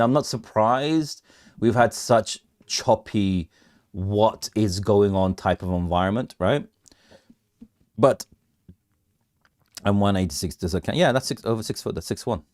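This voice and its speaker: Deep-voiced man bantering on a livestream. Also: no echo, clean studio sound. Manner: bantering with viewers, laughing often, lots of restarts. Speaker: crypto livestream host. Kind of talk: casual livestream chat.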